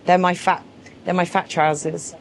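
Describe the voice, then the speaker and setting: A woman's voice: fairly low pitch, little pitch movement, normal speed, slight background noise. A woman in her forties giving candid personal testimony in a documentary, frank and emphatic, repeating herself for weight and swearing freely. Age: 40s. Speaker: documentary subject.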